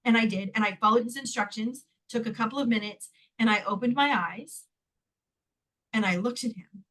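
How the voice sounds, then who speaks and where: A woman from Canada is being interviewed, and her voice sits high and bright. She tells her story with a lot of life, laughing often and acting out the voices of the people in it. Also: normal speed, rough recording. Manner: animated, laughs often, acts out quoted dialogue. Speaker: guest, healing technique teacher.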